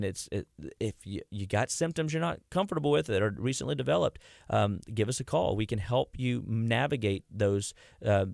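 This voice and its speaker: A man's voice: on the low side, creaky, darkish tone, no room sound, clean studio sound. A man who is a health clinician, guest on a radio show. He talks energetically to listeners he calls "guys", often restarts and repeats words, and acts out the voices of the people he quotes. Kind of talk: conversational radio health talk.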